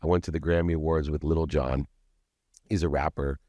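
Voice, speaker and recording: Deep-voiced man telling an intense confessional story. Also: level tone, brisk, mellow, dry recording. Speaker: podcast guest. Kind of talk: personal storytelling in an interview.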